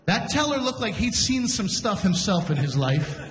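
High-voiced male comic in an echoey hall. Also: normal speed. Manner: chatty, animated, acts out people he describes. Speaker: comedy show host. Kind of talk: stand-up storytelling on stage. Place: live show in a hall.

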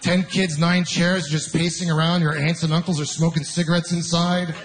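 High-voiced exasperated stand-up comic. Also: male voice, flat delivery. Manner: incredulous, exasperated storytelling with quick asides. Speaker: stand-up comedian. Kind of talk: stand-up comedy set. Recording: live venue with audience noise. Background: audience laughter.

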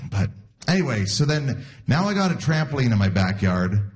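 With a mid-range voice that swings widely in pitch, a Canadian man in his forties performs stand-up at a normal pace. He tells easygoing stories, laughing at his own jokes, with the audience laughing in the background.

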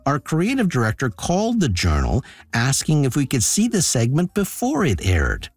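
Wry man telling a lively story. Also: medium pitch, moderate pace, husky, no room sound, soft background music. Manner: wry, dry-humored delivery. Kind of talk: personal storytelling narration.

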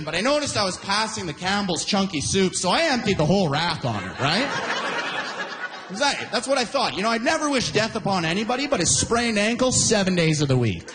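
A male stand-up comedian from Alberta telling a rambling, animated story to a live audience. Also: high-pitched. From Alberta, Canada. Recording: echoey hall with audience noise.

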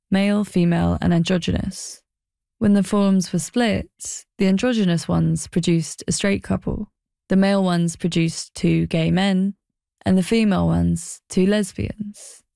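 A woman giving a scripted documentary voice-over in a measured, reflective and wry manner. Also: fairly low pitch, steady tone, vocal fry, mellow, no room sound, clean studio sound. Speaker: documentary narrator.

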